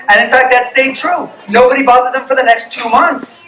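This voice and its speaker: High-voiced man telling a lively story. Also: moderate pace, reverberant, far from the mic, a little hiss or hum, poor audio. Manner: animated, acts out voices of characters. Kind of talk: storytelling to children. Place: camp meeting tent.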